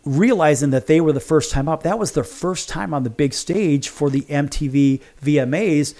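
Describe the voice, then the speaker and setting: A middle-aged Chicago man hosting a sports betting radio show tells a long story, rambling and chatty, with restarts along the way. His voice is warm, on the high side, and moves at normal speed.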